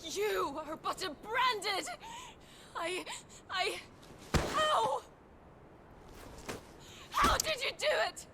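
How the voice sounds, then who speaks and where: An actress playing a furious, disbelieving young woman enemy in a video game, shouting her lines. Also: very high voice, sing-song, drawn-out words, pauses often, full character voice. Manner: shouting, incredulous. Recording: loud noisy game audio.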